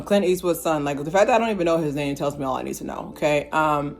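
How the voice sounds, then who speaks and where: A woman's voice: low voice, fast, gravelly, few pauses. A woman giving a casual movie review with a rambling, slangy, filler-heavy manner.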